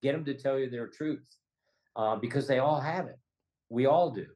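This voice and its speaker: A man's voice: medium pitch, a little mellow, highs cut off. A man, a trial lawyer and podcast guest, telling a story with emotion and stumbling over repeated words. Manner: halting, repeats words, gets choked up. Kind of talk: emotional storytelling in a remote interview. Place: Los Angeles, remote.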